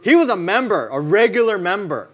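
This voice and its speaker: A man preaching a sermon in a relaxed, conversational way, telling personal stories and acting out what people said in them. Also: high voice, fairly quick. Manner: casual, conversational storytelling; acts out quoted lines in his stories. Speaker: pastor. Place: church.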